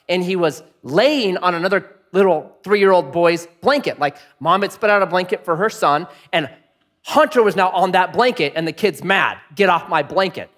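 Male pastor, thirties, lively swooping delivery, fairly high voice, self-deprecating storyteller. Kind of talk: storytelling sermon.

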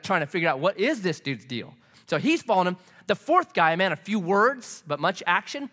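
A male pastor preaches with an animated, storytelling delivery. His voice sits high and swoops widely, with a bright, forceful edge. He keeps it conversational and lively. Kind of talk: sermon.

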